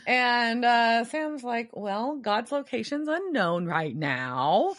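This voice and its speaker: A woman co-hosting a podcast, chatting casually and acting out characters' lines as she recaps a TV episode. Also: very slow. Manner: animated, acts out characters' lines with big pitch jumps. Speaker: podcast co-host.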